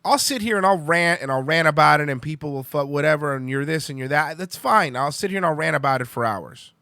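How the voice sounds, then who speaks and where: A young man with a high-pitched voice rants into a close mic, swearing freely and stumbling over restarts as he builds up steam. The sound is dry and close, with no room around it. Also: fairly quick, pushed and bright, no echo. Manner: profane, heated ranting with frequent restarts. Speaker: podcast host. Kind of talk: ranting live-stream talk.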